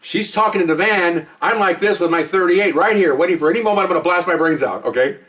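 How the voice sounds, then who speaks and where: A middle-aged man tells a story at a quick clip in a fairly high voice, acting out each side of the conversation and breaking into laughter. He sounds a bit far from the mic. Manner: animated, acts out both sides of phone calls, laughs often. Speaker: podcast co-host, retired cop. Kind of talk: casual storytelling.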